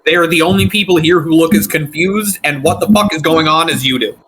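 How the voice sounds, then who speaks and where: A man narrating as game master of a tabletop game, describing scenes in an unhurried way. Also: a little high, fairly bright tone, slightly rough, low-quality recording.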